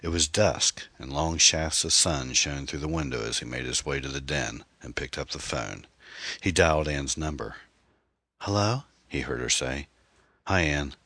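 A man reading a mystery novel aloud in measured, scripted narration. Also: extremely low pitch, sharp tone, breathy edge, no echo. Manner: measured storytelling. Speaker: audiobook narrator.

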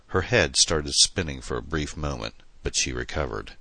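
Deep-voiced guy narrating an audiobook, bright forceful tone, dry close sound. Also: expressive, normal speed, no room sound. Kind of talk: scripted narration.

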